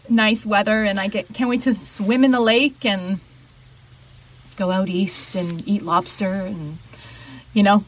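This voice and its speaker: Chatty, laughing woman podcast guest. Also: medium pitch. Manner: chatty, laughs easily, quotes friends. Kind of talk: casual interview chat.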